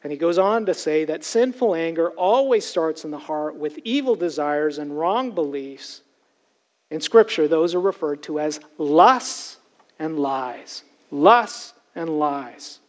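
A man's voice: on the high side, expressive, measured pace, darkish tone, poor audio. A man preaching a sermon as pastor, earnest and emphatic, often turning to address his congregation directly.

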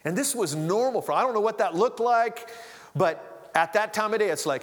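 A man's voice: sits high, lively intonation, moderate pace. A middle-aged man preaching a sermon in a loose, conversational way, with asides and restarts. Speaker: pastor. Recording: long hall reverb.

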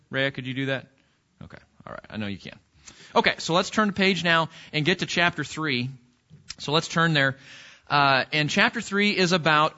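Bright-voiced man teaching a Bible class. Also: on the high side, dull audio. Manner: conversational, asks the class questions, frequent restarts. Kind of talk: interactive Bible study lesson.

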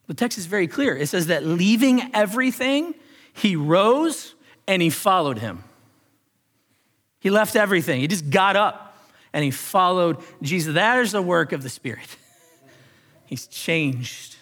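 A male pastor preaching a sermon, earnest, rising on key phrases and dropping softly for emphasis. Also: sits high, expressive, a little slow. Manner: earnest preaching, swells then drops to soft emphasis.

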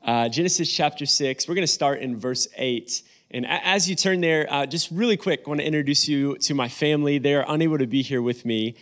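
A man's voice: on the high side, brisk, few pauses, fairly bright tone. Young man joking from the pulpit. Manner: friendly joking banter with congregation. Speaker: guest preacher. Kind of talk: sermon. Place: church sanctuary.

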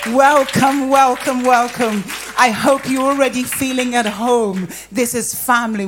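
Bubbly woman preacher, slightly high voice, stage mic in church. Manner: enthusiastic, chatty, laughs often. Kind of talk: sermon. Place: church hall.

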